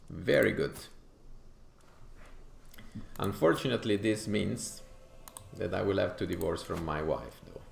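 A man's voice: low-pitched, lively intonation, a little slow, creaky, long pauses, echoey room, a little hiss or hum. A man from Italy with an Italian accent, thinking aloud with frequent fillers as he comments on his strategy game playthrough. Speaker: gaming YouTuber.

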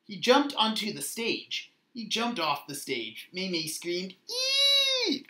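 A woman reading a children's storybook aloud in a slow, expressive way. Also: fairly low pitch. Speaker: children's book reader. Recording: echoey room.

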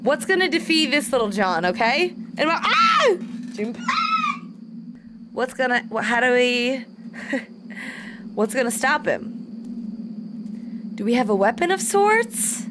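High, lively young woman streamer, jumpy and swearing. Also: slow pace, pauses often. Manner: jumpy, swearing, talking to herself; nervous self-talk. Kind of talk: horror game let's play commentary. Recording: noisy background.

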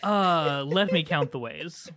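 A podcast co-host chatting casually, playful and quick to joke. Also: medium pitch, a bit bright.

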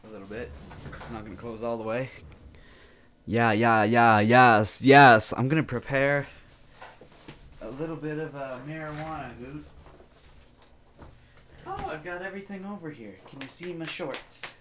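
A man's voice: medium pitch, normal speed, long pauses, roomy sound, slight background noise. A man hosting his own casual solo podcast, joking loosely and swearing freely as he rambles. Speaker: podcast host. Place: home basement studio.

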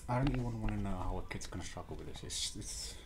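A man's voice: lowish voice, fast talker, background noise. A young man reviewing a toy kit in a casual vlog, muttering and sighing with exasperation as he paints.

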